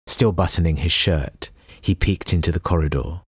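A man reading a novel aloud as an audiobook narrator, in a measured, even storytelling delivery. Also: sits low, breathy edge, dry recording, clean studio sound. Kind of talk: scripted narration.

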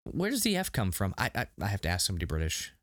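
A man co-hosting a casual podcast review, animated and laughing, with many restarts. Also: fairly low pitch, racing, no room sound, clean studio sound. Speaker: podcast co-host.

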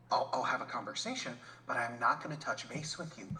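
A man in a podcast chat who rants heatedly and swears often. His voice is bright and forceful at a middle pitch. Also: brisk, few pauses, poor audio. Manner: heated ranting with heavy swearing. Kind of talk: casual chat.

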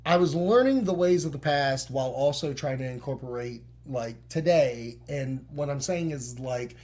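A man's voice: mid-range voice, normal speed, darkish tone. Man in casual podcast chat, rambling. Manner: rambling, heavy use of "like". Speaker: podcast co-host.

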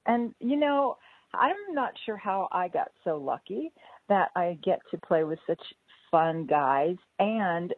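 Lady host gushing over her guests, kinda low voice, sounds like a tinny call. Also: expressive, slow, no room sound. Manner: effusive, gushing, laughs often. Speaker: podcast host. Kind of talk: casual interview over a call. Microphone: call audio. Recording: tinny call line, dry.

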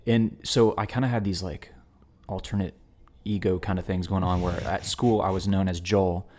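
Co-host: middle-aged man with a low voice, relaxed talker. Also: moderate pace, slight background noise. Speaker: podcast co-host. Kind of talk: casual chat.

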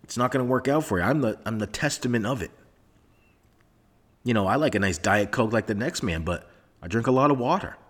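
Talking alone into a laptop mic in a soundproofed room, this male podcast host sounds animated and brisk. His medium-pitched voice is fairly bright with a breathy edge, and his monologue wanders, sarcastic and full of swearing.

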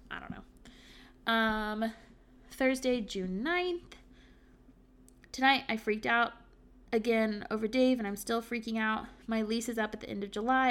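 A woman in her twenties, a podcast host, reading her own journal entries aloud in a candid, halting way with many fillers. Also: on the high side, fairly bright tone. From Virginia. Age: 20s.

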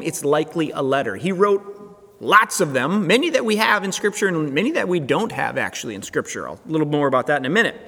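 A man gives a relaxed, chatty sermon as pastor, his voice sitting a little high. He talks casually, often stopping and restarting his phrases. A long reverb trails behind every word. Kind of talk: conversational sermon.

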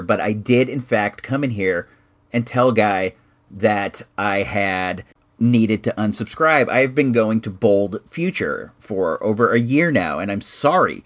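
A man's voice: on the low side, animated, moderate pace. A middle-aged man hosting a podcast, telling a long casual story with frequent restarts and fillers.

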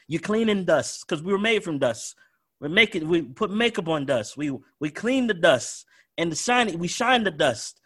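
A man preaching a sermon, repeating phrases emphatically and moving between quiet and loud delivery. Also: high-pitched. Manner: emphatic, swings from soft to loud with repetition.

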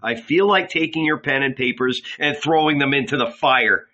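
Solemn intense male teacher, guy reading him, bright voice, dull lo-fi audio. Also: mid-range voice, normal speed, lightly acted. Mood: anguished.

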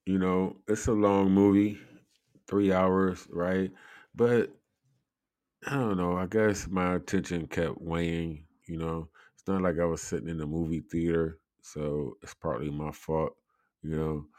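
A man's voice: low voice, level tone, measured pace, darkish tone, no room sound, clean studio sound. A man hosting a casual live show, rambling and chatty, laughing often between his words and leaning on lots of fillers. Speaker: show host.

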